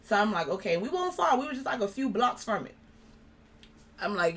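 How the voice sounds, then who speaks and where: A woman's voice: mid-range voice, a little fast, long pauses, breathy edge. A young woman, a guest in an interview, telling a personal story in a casual way and acting out what people said. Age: young adult. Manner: animated, acts out quoted dialogue.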